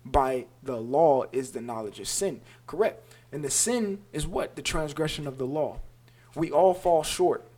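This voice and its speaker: A man's voice: on the high side, animated, a little mellow. Emphatic man teaching a scripture lesson. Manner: emphatic, repetitive, checks in with "all right?"; slows down to stress scripture words. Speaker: Bible teacher.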